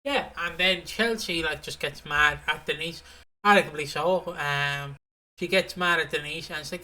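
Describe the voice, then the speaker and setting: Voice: mid-range voice, fairly even intonation, moderate pace, pushed and bright. A co-host on a podcast, amused, retelling soap scenes with mocking bits. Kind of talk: casual chat recapping a soap.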